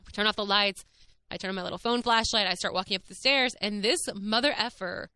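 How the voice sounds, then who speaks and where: A woman hosting her own podcast, telling a personal story in a candid, casual way, animated and full of "like" and the odd swear word. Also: medium pitch, fairly quick, clear, resonant tone. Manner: frank, animated, heavy use of "like". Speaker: podcast host.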